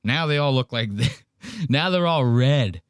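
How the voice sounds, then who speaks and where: A man's voice: medium pitch, lively intonation, unhurried, clean tone, dry recording. Male podcast host, casual profane banter, dry sound. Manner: profane, joking, acts out quotes. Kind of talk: casual reaction chat.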